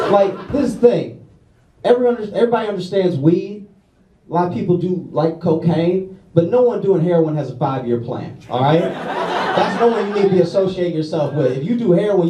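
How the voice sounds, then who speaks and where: A man from Louisiana doing a stand-up comedy set, self-deprecating, tagging his lines with "all right?" and "okay?". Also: a little high. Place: comedy club stage before a laughing audience. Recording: roomy, distant club recording with crowd.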